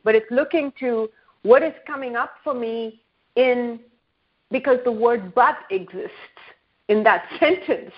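Woman co-hosting, thoughtful, bit high voice, dull lo-fi sound. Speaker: co-host. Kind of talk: reflective talk show.

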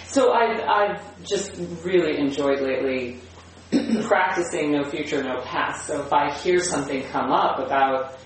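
A speaker sharing personal reflections in a spiritual group discussion, searching for words and often restarting. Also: mid-range voice. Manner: searching, halting, with many restarts. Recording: echoey room, distant mic, faint hum.

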